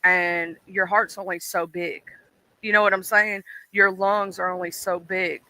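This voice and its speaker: A stream host chats casually and rambles, filling his speech with ums and "you know"s as he laughs through childhood stories and acts out the voices from back then. His voice sits high with a level tone, a measured pace, and a bright, forceful quality, and the recording is rough.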